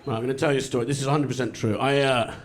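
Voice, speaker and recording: A man doing a stand-up comedy routine on a club stage, with a sardonic, deadpan delivery and crude jokes. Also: mid-range voice, very fast, crowd noise. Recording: noisy live club recording. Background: audience laughter.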